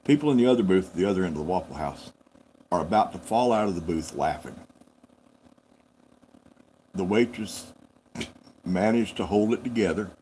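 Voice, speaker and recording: A man's voice: deep voice, lively intonation, normal speed, long pauses, warm tone, a little hiss or hum, rough recording. A man, hosting a live farm stream and telling a rambling, folksy story that he corrects as he goes. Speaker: farm channel host.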